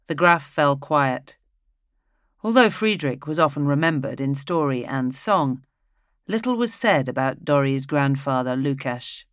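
An audiobook narrator reading a fantasy novel in an even, steady storytelling manner into a close mic. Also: mid-range voice, a little slow, no room sound.

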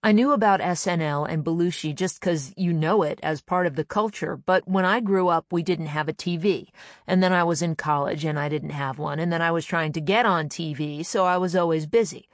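A woman's voice: on the low side, fairly quick, dry recording, clean studio sound. A comedian telling a personal story in a chatty way, sometimes acting out the voices of people she quotes. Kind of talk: anecdotal storytelling.

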